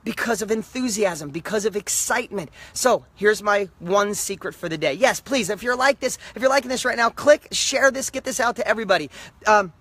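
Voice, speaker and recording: Middle-aged male motivational speaker, high voice, punchy repeated lines, direct to camera. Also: a little fast, no room sound. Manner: emphatic, repetitive, swings loud and soft.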